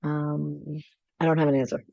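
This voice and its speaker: A woman's voice: sits low, level tone, normal speed, creaky, dark tone, dry recording, lo-fi sound. A woman co-hosting a podcast in casual chat over a video call, enthusiastic and laughing often. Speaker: podcast co-host.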